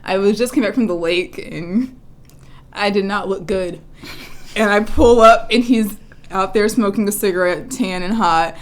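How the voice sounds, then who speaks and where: A young woman co-hosting a podcast, telling a story in a giggly, animated, casual way. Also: mid-range voice, a little slow. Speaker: podcast co-host. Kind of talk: casual chat.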